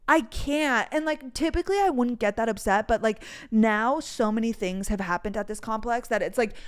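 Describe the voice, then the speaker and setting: Young woman, slightly high voice, casual storytelling rant, exasperated, profane, lots of "like", voice memo. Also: smooth. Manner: exasperated, swears freely, heavy use of "like". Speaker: podcast host. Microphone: voice memo recording.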